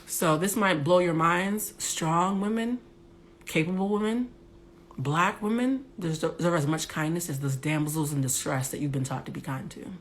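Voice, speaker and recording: A young adult woman with a big, loud voice, hosting a candid livestream monologue on her phone, blunt and animated, with some profanity. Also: deep voice, normal speed, a little hiss or hum. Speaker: Instagram Live host.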